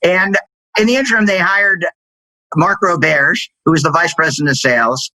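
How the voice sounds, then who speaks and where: Middle-aged guy telling business war stories, bright forceful voice, kinda high, dry close sound. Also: normal speed, dry recording, rough recording. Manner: animated, acts out quoted dialogue in a higher voice. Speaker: guest, sales executive. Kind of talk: storytelling interview answer.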